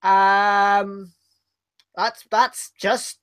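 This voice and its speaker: A man's voice: high voice, level tone, extremely slow, a bit bright, clean tone. A man co-hosting a casual podcast chat, teasing and giggly. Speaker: podcast co-host.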